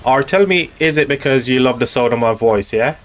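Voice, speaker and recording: A man's voice: mid-range voice, expressive, a little fast. A man hosting a casual live stream, chatting loosely with viewers and commenting on a strategy game, with lots of fillers and restarts. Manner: chatty, rambling, talks directly to chat with many fillers.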